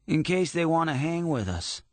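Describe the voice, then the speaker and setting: A man voicing a cocky teenage gang leader who speaks in a sly, smooth, testing way. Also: a little high, big pitch swings, moderate pace, no room sound, pitched above the performer's own voice.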